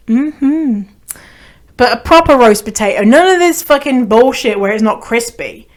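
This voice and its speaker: A young adult woman from Canada hosting a solo podcast, chatty and blunt, swearing freely and laughing as she talks. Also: medium pitch. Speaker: podcast host. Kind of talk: casual solo podcast chat.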